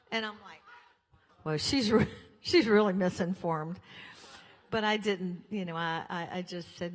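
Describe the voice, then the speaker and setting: A woman's voice: mid-range voice, measured pace. An older woman from Colorado giving a chatty, storytelling speech to an audience, acting out the voices in her own anecdotes. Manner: chatty storytelling, acts out dialogue. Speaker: guest speaker at a fundraiser. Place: church hall. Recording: long hall reverb.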